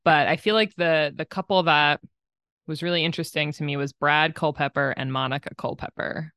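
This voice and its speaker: A woman co-hosting a podcast in casual, playful chat, brisk and competitive in tone. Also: sits low, steady tone, fairly bright tone, dry recording, studio quality. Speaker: podcast co-host.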